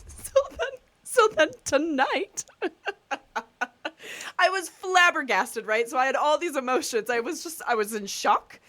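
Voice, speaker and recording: A woman's voice: high voice, a little slow. A woman co-hosting a podcast, telling stories in casual chat and laughing often as she talks. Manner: laughing storyteller, animated and expressive. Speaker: podcast co-host.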